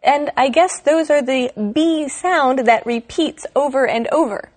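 A woman co-hosting an English lesson program, speaking clearly and deliberately. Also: high voice. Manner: slow, clear, deliberate delivery. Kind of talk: scripted educational chat.

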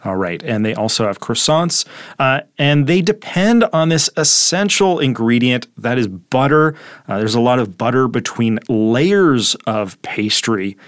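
A man's voice: medium pitch, a little slow, dry recording. Male co-host, casual explainer, fillers, dry booth sound. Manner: relaxed, explains words with frequent fillers. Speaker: English teacher co-host. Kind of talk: casual explanatory lesson chat. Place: studio in Taipei.

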